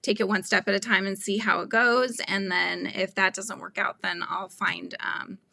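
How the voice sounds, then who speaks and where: Woman, book author hosting a live stream; chatty and rambling, gravelly edge, dry sound. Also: medium pitch, little pitch movement, moderate pace, pushed and bright, no echo. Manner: rambling, chatty, laughs often. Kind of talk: casual live-stream chat.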